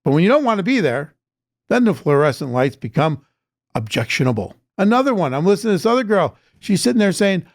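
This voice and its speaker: A man's voice: high-pitched, very animated, fast talker, dry recording, studio quality. A man gives a blunt, emphatic opinion monologue to camera. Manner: blunt, emphatic, mocking quoted voices. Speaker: social media commentator.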